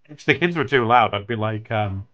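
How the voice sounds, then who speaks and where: A man's voice: lowish voice, animated, moderate pace, pushed and bright, highs cut off. A man streaming while he draws, chatting casually with viewers, thanking them and telling stories with plenty of laughter. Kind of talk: casual chat while drawing.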